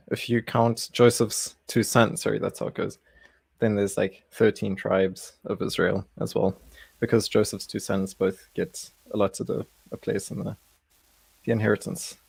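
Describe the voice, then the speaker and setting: A man's voice: on the low side, vocal fry, a little mellow, breathy edge, no room sound. A man hosting a casual livestream Bible study, easygoing and chuckling, often restarting his sentences.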